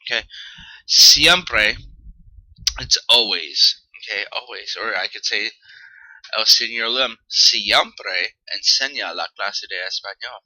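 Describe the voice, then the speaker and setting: A male teacher walks students through a vocabulary list in an easygoing, joking way, checking in with "okay?" after nearly every point. His voice is piercingly bright and edgy, recorded close and dry with no room sound. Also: medium pitch, no room sound, rough recording. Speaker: Spanish teacher. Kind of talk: recorded classroom vocabulary lesson.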